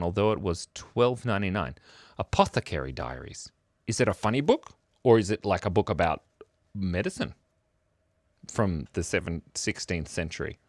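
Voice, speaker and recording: A man's voice: on the low side, dry recording. A middle-aged man hosting a drawing livestream, rambling and joking goofily with his chat in casual talk. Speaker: livestream art host.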